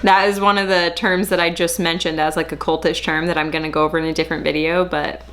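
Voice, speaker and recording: Sarcastic woman commentating, lower voice. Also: little pitch movement, fast, a bit bright. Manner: sarcastic, chatty asides. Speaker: host. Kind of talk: reaction commentary.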